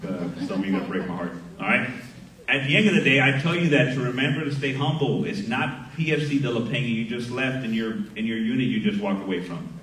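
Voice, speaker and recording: A middle-aged sergeant major from Miami giving a graduation speech at a ceremony, speaking into a podium microphone and telling a story with lively acted dialogue. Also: male voice, mid-range voice, fast talker. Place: large hall at a graduation ceremony. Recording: echoey hall heard from far off.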